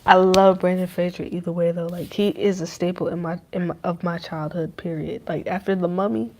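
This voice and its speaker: A woman's voice: fairly low pitch, flat delivery, brisk, a little mellow. A young woman hosts her own podcast in a loose, rambling chat. She swears freely and talks in heavy slang, hopping from one thought to the next. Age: young adult. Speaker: podcast host. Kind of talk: casual chat.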